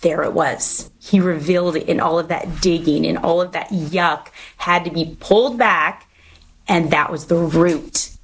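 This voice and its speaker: A woman's voice: on the low side, a little slow, a little hiss or hum, poor audio. A woman hosting a faith-based podcast, talking earnestly and encouragingly like a short sermon. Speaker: podcast host. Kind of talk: faith-based interview chat.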